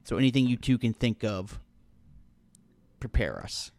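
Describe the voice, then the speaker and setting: A man's voice: mid-range voice, unhurried, no room sound, studio quality, voice pushed down, lightly acted. Roscoe, a sighing unsure adventurer, voiced by a man. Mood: earnest. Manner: quiet, sighing, earnest. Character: weary, unsure young male adventurer.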